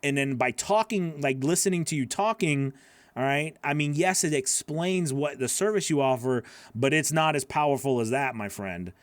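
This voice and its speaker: A man's voice: a little high, normal speed, no room sound. A man coaching voice-over artists, reviewing their work live in a chatty, encouraging way with lots of fillers.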